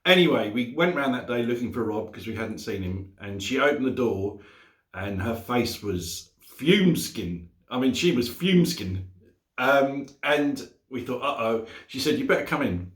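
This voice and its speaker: A man's voice: medium pitch, expressive, unhurried, reverberant. A man, telling a story casually as a motorcycle vlogger in his home garage, chatty and laughing often.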